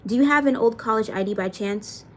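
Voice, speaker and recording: Young woman streamer, slightly high voice, loose and chatty, curses casually. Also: fairly quick, a little hiss or hum. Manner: chatty, swears casually, thanks viewers by name. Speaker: livestreamer. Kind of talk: casual livestream chat reading comments.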